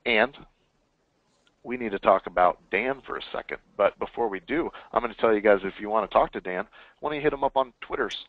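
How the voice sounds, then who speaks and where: Energetic man hosting over a tinny line. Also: fairly low pitch, fairly quick, no room sound. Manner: energetic, hyped promotional delivery. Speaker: webinar host. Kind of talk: casual webinar chat. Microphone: call or webinar line. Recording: tinny phone-line audio.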